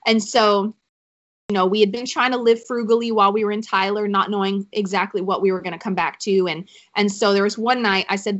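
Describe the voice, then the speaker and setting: A woman's voice: mid-range voice, fairly even intonation, a little fast, fairly bright tone, lo-fi sound. A woman, telling a personal faith story as a podcast guest, choking up at times.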